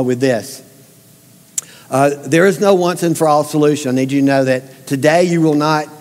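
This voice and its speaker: A man's voice: on the high side, darkish tone. A man preaching a sermon as pastor, folksy and emphatic, asking the congregation direct questions. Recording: long hall reverb.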